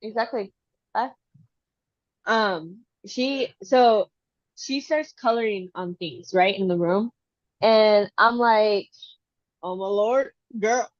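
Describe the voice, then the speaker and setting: A woman chatting casually as a podcast co-host, telling a story with lively, dramatic retellings. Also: mid-range voice, slow, pauses often, dry recording, lo-fi sound. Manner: animated, acts out her daughter's whiny voice.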